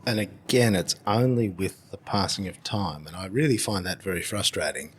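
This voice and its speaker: A man, hosting a podcast in casual conversation, animated and swearing freely. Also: sits low, moderate pace, slightly rough. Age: 50s. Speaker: podcast host.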